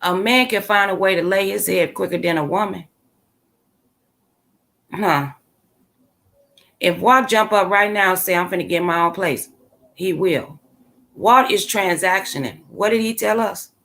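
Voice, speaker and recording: A woman talks straight to her live chat as the host of her own channel. Her delivery is blunt and sassy, heavy on slang and strong opinions. Her voice sits at an everyday middle pitch. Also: measured pace, gravelly, pauses often, a bit bright. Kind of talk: casual commentary to a live chat.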